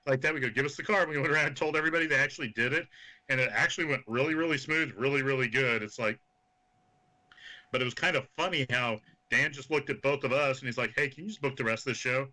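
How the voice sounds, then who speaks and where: Bright-voiced man telling wild stories. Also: mid-range voice, fast talker. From Kansas. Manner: animated, swearing anecdotes full of quoted voices. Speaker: guest, professional wrestler. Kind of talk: casual storytelling chat.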